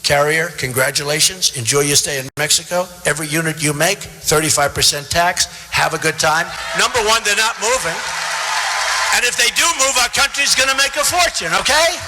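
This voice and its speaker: Older man, rally speech, boastful, repetitive, piercing bright voice, somewhat high. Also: moderate pace, slight background noise. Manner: boastful, repetitive, conversational asides to the crowd. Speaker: political candidate at a rally. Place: large theater. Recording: long hall reverb from a theater PA.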